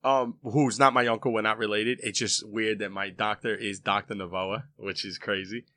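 A man's voice: lowish voice, level tone, moderate pace, pushed and bright. A man co-hosting a casual podcast, telling stories animatedly and laughing often. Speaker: podcast co-host. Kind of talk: casual chat.

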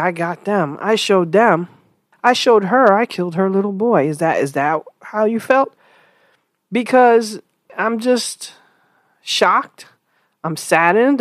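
Earnest woman with rhetorical questions. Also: no echo. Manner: animated pitch swings, sighs. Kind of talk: spoken commentary monologue.

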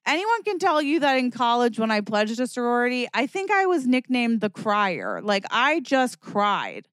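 A young adult woman hosting her own podcast, talking candidly and expressively in a casual solo monologue, from lively bursts to quiet reflection. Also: on the high side, normal speed, no echo, clean studio sound. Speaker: podcast host.

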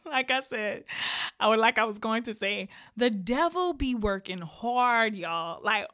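A young woman hosts a podcast in a fairly high, echo-free voice, chatting casually and from the heart. She's candid and animated, talks about faith, and often breaks into laughter.

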